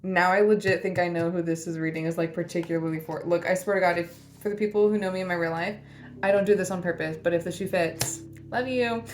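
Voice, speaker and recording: A woman's voice: on the low side, steady tone, quick pace, faint music behind. Blunt, swearing woman giving a reading. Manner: blunt, swearing, teasing tough love with laughs. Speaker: tarot reader. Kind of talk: casual spiritual reading to camera.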